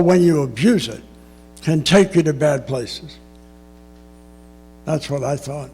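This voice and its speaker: An older man speaks in a measured, reflective way, slipping in the occasional dry aside. His voice sits a little higher than most men's, with faint music underneath. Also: a little mellow, husky. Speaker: public speaker. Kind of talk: personal storytelling talk.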